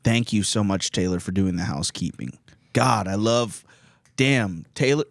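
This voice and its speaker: A man's voice: fairly low pitch, normal speed, gravelly, no echo. A man hosting a podcast, riffing crude comedy bits with lots of laughter. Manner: loud laughing, riffing bits in silly voices. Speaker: podcast host.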